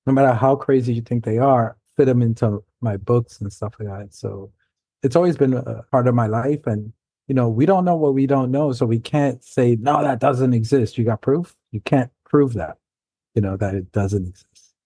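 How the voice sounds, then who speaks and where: Mellow-voiced man telling stories. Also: mid-range voice, husky, no room sound. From New York City. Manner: halting, loose storytelling. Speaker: guest author. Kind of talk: casual conversation.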